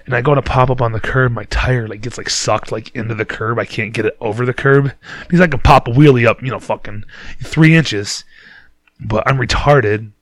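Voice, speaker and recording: A man's voice: medium pitch, normal speed, dry recording. Profane rambling young man telling a story. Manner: profane, rambling, laughs at himself. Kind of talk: casual storytelling monologue.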